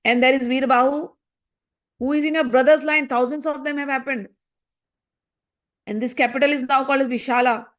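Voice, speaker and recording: A woman playing a calm, questioning sage's son. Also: high-pitched, a little fast, pauses often, lightly acted. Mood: explaining. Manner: probing rhetorical questions, steady.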